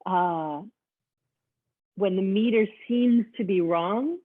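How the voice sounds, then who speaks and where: A woman's voice: medium pitch, slow pace, husky, dry recording. A woman hosting a teaching webinar, attentively summing up points and asking her guest questions over a video call. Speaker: host, education director. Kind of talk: hosted webinar interview. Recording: tinny phone-like call audio.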